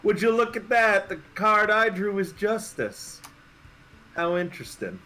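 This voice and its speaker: A man's voice: high-pitched, big pitch swings, a little slow, bright, forceful tone, heavily acted, poor audio. A man doing a drawling cowboy fortune-teller. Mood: teasing. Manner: Western drawl, "partner" and "fella". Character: cowboy tarot-reading card dealer, playful man.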